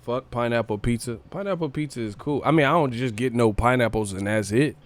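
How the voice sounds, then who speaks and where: A man's voice: mid-range voice, brisk. A young man with a Sacramento accent hosting a live boxing stream, chatting loosely and joking with his chat in slang. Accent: Northern California, Sacramento. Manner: loose and joking, reads chat aloud, laughs often, slangy.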